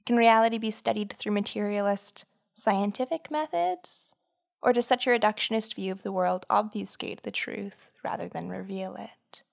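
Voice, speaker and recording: A woman hosting a podcast, giving scripted, measured narration that explains ideas and tells a story. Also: mid-range voice, creaky.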